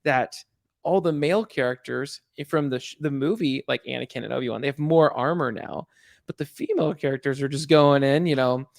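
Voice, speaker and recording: A man's voice: medium pitch, brisk, vocal fry, no room sound, clean studio sound. A man co-hosting a podcast in casual chat, rambling and hesitant, often correcting himself. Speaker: podcast co-host.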